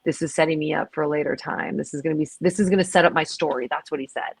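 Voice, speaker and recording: Low-voiced emphatic woman, dry close mic. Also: fairly even intonation, fast talker, gravelly, husky, no room sound. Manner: emphatic, swears, frequent restarts. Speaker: podcast guest. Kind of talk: candid conversational chat.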